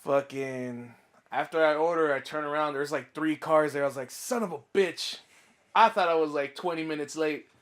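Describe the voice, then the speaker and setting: A man co-hosting a podcast, telling a relaxed, easygoing story with some swearing. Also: fairly high pitch, normal speed. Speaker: podcast co-host. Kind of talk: casual chat.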